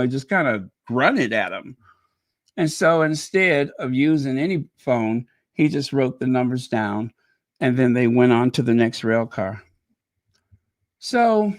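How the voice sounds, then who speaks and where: A middle-aged man from Chicago telling a rambling personal story in a casual monologue, animated and quick to laugh at himself. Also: mid-range voice. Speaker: channel host.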